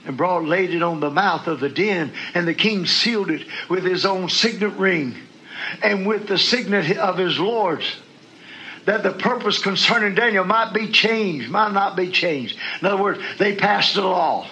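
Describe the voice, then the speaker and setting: A man preaching a sermon, going from quiet scripture reading to shouted praise and talking folksy and direct to the congregation. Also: high voice, measured pace, lo-fi sound, slight background noise. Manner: folksy, talks straight to the congregation.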